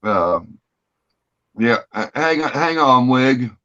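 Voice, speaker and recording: A man's voice: medium pitch, lively intonation, slow pace, fairly bright tone. A man telling a long story in casual chat, rambling and swearing freely. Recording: dull lo-fi audio.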